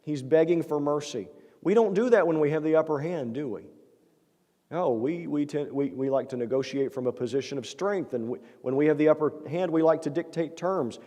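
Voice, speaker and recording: Preaching a sermon in a church sanctuary, a pastor speaks briskly in a fairly high, soft, mellow voice. He's earnest and conversational, tossing rhetorical questions to the congregation as his words fade into a long church-hall reverb.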